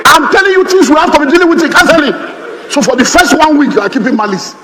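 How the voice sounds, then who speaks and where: A man with a Nigerian accent preaching a sermon as pastor, humorous and lively, mimicking other people's voices. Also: very high-pitched, fast, noisy background. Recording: reverberant hall, faint ambience.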